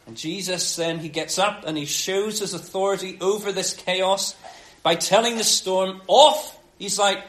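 A man preaching a sermon, telling the story with animated acted-out quotes. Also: sits high, moderate pace. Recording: roomy echo.

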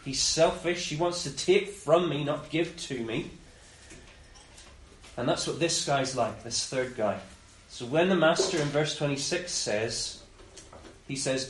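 Guy preaching, chatty, slips into the master's voice, echoey room w/ faint hum. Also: on the high side. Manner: conversational, voicing the master in quick asides. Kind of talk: sermon. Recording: roomy echo with faint ambience.

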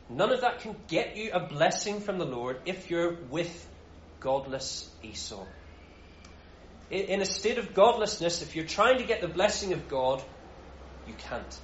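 A man's voice: high voice, slight background noise. A man giving an informal sermon as a Bible teacher, talking in a casual, conversational way with frequent restarts. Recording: roomy, dull sound.

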